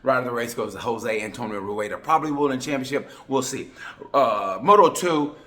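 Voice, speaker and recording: A man's voice: mid-range voice, lively intonation, a little fast. Rambling Oklahoma man joking about racing. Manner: rambling, jokey, with sudden loud bursts. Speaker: comedic race reviewer. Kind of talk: comedic sports commentary.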